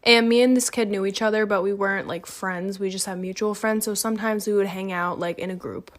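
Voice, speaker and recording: A woman's voice: mid-range voice, fairly even intonation, brisk, dry recording. A woman telling a casual storytime close to a phone mic, chatty with lots of "like" fillers and casual swearing.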